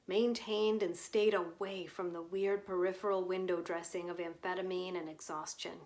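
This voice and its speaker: A woman reading a short story aloud as scripted narration, in a measured, subdued way. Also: on the low side, steady tone, a little mellow. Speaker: reader.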